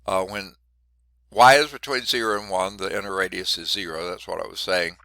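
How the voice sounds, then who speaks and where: Male math instructor, congested and short of breath, bright edgy low voice, throat-clearing, wry asides. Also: steady tone, moderate pace, no room sound. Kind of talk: classroom lecture.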